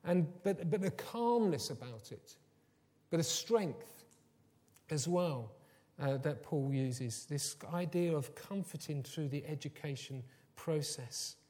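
A man preaching a sermon, telling personal stories, moving from quiet and low to loud and emphatic. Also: expressive, slow. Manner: warm storytelling, swings from soft and low to loud and emphatic. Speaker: pastor. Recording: long hall reverb.

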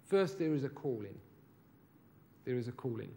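A man preaching a sermon, asking rhetorical questions and dropping to a hush for emphasis. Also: mid-range voice, sing-song, normal speed, creaky. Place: church.

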